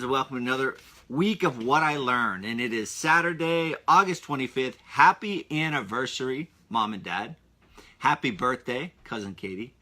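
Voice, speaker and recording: A man's voice: medium pitch, bright, forceful tone. A man hosting his own podcast, rambling in a casual solo chat full of asides and restarts. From Pennsylvania. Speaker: podcast host.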